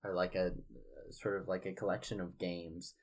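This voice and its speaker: A young man co-hosting a podcast tells stories in casual conversation, rambling with plenty of fillers. His voice sits low with little pitch movement, at a normal pace.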